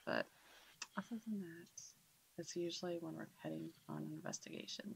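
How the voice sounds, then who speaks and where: A woman guest on a radio show, animated and laughing often, with hiccups, telling paranormal stories in casual chat. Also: deep voice, moderate pace, vocal fry, slight background noise.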